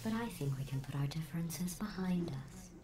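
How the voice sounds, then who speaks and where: An actress voicing a cold, sarcastic female AI overseer in a video game, with a robotic filter on her voice. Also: fairly low pitch. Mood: cold mockery. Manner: deadpan, mocking, measured. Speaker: game character. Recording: echoey game audio.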